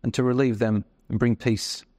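A man hosting an interview, telling stories in a warm way with many fillers and pauses. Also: mid-range voice, steady tone, dry recording, clean studio sound. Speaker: host. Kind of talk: interview conversation. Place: studio in Melbourne.

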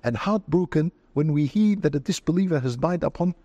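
A man's voice: fairly high pitch, lively intonation, brisk, mellow, no echo, muffled recording. A man, a religious scholar, answering interview questions in an earnest, preaching way and quoting scripture.

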